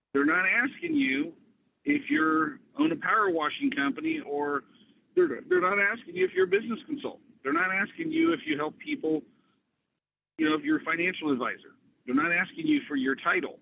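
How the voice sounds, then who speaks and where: A man coaching on a group call, talking in an animated, conversational way. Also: high voice, moderate pace, creaky. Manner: animated, conversational, acts out dialogue. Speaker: business coach. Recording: tinny phone-like line, faint hiss.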